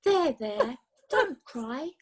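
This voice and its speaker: Gentle bridesmaid in a comic radio play, voiced by a woman speaking slowly with a slightly husky tone. She comforts the bride softly. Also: high-pitched, big pitch swings, full character voice. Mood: comforting. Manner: slow, comforting.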